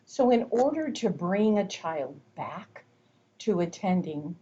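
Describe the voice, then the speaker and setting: A woman giving a recorded lecture, explaining slowly and deliberately, sometimes dropping to a whisper to demonstrate. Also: lowish voice, lively intonation, warm tone, lo-fi sound, a little hiss or hum.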